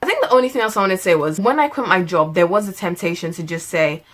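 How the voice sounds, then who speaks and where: A woman's voice: on the low side, quick pace. A woman in her late twenties, a lifestyle vlogger chatting to camera, who laughs often, stretches words for emphasis and drifts into preaching. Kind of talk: casual chat to camera.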